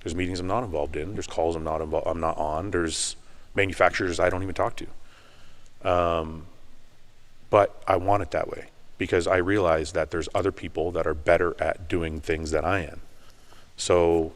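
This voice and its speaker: Deep-voiced, intense man telling it straight. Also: normal speed. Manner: intense, animated storytelling with rising emphasis. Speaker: podcast guest, bodybuilder turned business owner. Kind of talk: candid conversational interview.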